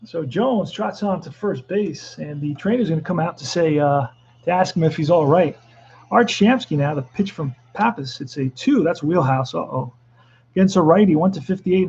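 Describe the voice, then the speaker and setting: A middle-aged man doing excitable play-by-play commentary of a tabletop baseball replay, with joking asides. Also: a little high, normal speed, creaky, slightly rough, dull audio.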